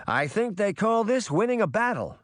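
A man's voice: high-pitched, very animated, moderate pace, no echo, studio quality, voice pushed up. A man voicing a proud, practical father.

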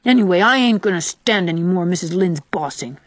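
A woman's voice: mid-range voice, big pitch swings, a little fast, no room sound. A woman reading the part of a defiant nine-year-old boy who talks back recklessly and boasts. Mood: rebellious.

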